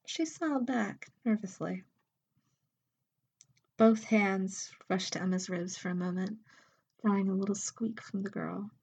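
A woman reading an intimate audio story aloud, softly and often at a whisper. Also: mid-range voice, creaky, husky, lo-fi sound. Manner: soft, slow, often whispered. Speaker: narrator.

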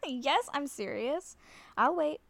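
Flustered, giggly woman, fairly high voice. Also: measured pace, no echo. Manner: flustered, self-conscious, laughs often. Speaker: nervous woman talking to a friend on the phone. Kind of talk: scripted audio role-play to the listener.

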